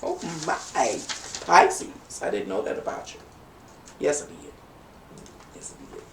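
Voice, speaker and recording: A middle-aged woman, giving a playful, bawdy live-stream tarot reading and bantering with her viewers. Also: measured pace. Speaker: tarot reader. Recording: roomy, distant home mic with faint background hum.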